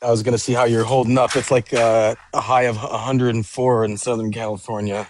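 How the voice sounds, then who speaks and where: A man in a casual online discussion, talking haltingly with fillers and casual swearing. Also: mid-range voice, flat delivery, a little hiss or hum. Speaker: debate participant.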